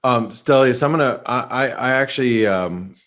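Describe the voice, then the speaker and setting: A man's voice: mid-range voice, normal speed, a bit bright. A man hosting a trading webinar, talking casually with many restarts and fillers over a call mic. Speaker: market analyst host.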